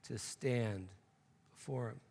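A man's voice: mid-range voice, slow, vocal fry, darkish tone, breathy edge, long reverb tail. A man preaching a sermon, telling a joke story and then making emphatic, repeated points. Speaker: pastor.

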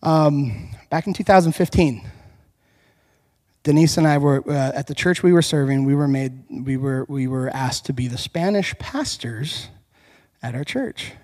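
A male pastor preaching a sermon, telling lively stories and speaking straight to his congregation in a church. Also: medium pitch, a little slow. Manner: lively storytelling, addressing the congregation directly. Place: church hall. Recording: long hall reverb.

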